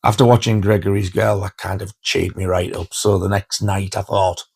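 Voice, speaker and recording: A man in his fifties talks through the films he has been watching in a casual home vlog. His voice sits low with a gravelly, husky edge, and he gets excited and chuckles as he retells his favourite scenes. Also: normal speed. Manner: chatty, enthusiastic, laughs while retelling scenes. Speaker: film reviewer.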